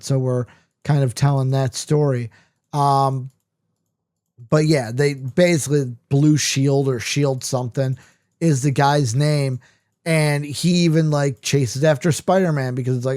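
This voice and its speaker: A man's voice: a little high, steady tone, a little slow, a little mellow. A man in a casual, rambling comic book discussion, talking with many fillers and asides.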